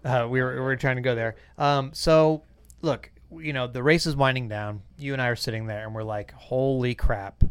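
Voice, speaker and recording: A man's voice: mid-range voice, steady tone, fairly quick, clear, resonant tone, no room sound. A man hosting a podcast, chatting casually and a bit self-deprecating. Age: 30s or 40s. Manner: chatty, self-deprecating, retells stories with little voices. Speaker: podcast host.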